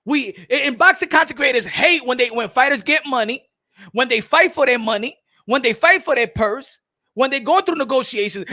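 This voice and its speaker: A boxing host on a live stream with a very high, bright and forceful voice. He rants in an animated, profane way, stumbling into restarts and firing off rhetorical questions. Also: quick pace. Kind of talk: live-streamed ranting commentary.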